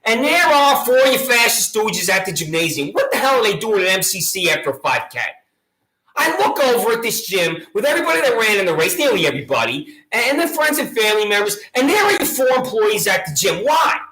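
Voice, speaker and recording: A woman's voice: mid-range voice, very animated, brisk, fairly bright tone. A woman with a Long Island accent, ranting in a sarcastic, taunting way straight to the camera, repeating her jabs. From Long Island, New York. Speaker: vlogger. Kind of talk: mocking direct-address rant. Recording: echoey room.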